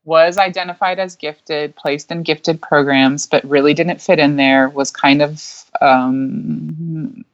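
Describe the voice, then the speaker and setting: Low-voiced chatty woman, lo-fi sound. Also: fairly even intonation, slow. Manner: chatty, laughs often, many fillers. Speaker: guest, micro school founder. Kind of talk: casual interview storytelling. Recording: dull lo-fi sound.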